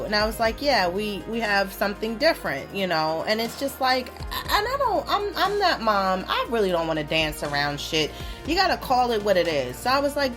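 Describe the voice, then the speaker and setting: A woman's voice: mid-range voice, moderate pace, over music. A woman in her thirties hosting a podcast, telling stories in a casual, profane way and mocking the people she quotes. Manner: profane, animated storytelling with mocking quoted voices. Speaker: podcast host. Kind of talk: casual explicit monologue.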